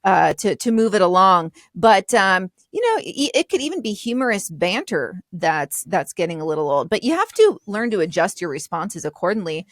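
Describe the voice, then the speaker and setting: A woman's voice: lowish voice, big pitch swings, moderate pace, few pauses, no room sound, clean studio sound. Straightforward woman podcast co-host. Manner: straightforward, laughs often. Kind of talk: casual chat.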